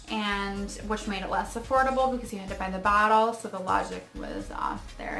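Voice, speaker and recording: Bright, chatty woman in an echoey room. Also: mid-range voice. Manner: chatty and rambling, with fillers and asides. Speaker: beauty vlogger. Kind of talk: casual chatty product review.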